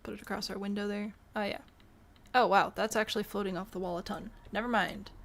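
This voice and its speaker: A woman's voice: medium pitch, fairly even intonation, a little fast, vocal fry, a bit bright. A young woman from the US Midwest with a mild Midwestern accent, chatting casually on a live stream, thinking aloud and answering chat while she builds in a game. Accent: mild Midwestern American. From Michigan, US Midwest.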